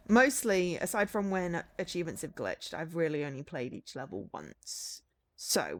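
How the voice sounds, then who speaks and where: A woman game streamer chatting casually with her viewers, rambling with lots of fillers and easy laughs. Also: fairly low pitch. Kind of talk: casual gameplay chat.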